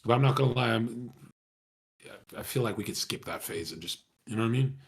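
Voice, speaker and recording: A man's voice: mid-range voice, animated, a little fast, gravelly. A young man talking casually to his viewers, rambling in slang, swearing often and calling everyone bro. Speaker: streamer talking to chat.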